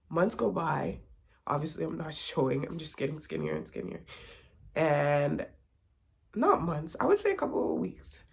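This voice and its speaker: A young woman shares a personal testimony in a candid, confiding way. Her voice has a gravelly fry and a husky edge. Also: sits low. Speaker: vlogger.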